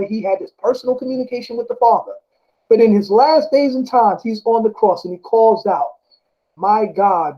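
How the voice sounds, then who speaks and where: A high-voiced man talks casually and ramblingly about scripture, reading verses aloud, correcting himself and often asking "you know what I'm saying?". The recording sounds dull and lo-fi.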